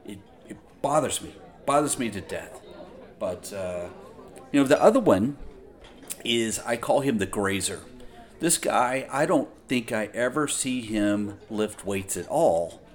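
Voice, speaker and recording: Male podcast host, mid-range voice, lively swings in pitch, casual and foul-mouthed griping. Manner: profane, ranting, exasperated storytelling. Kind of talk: casual monologue.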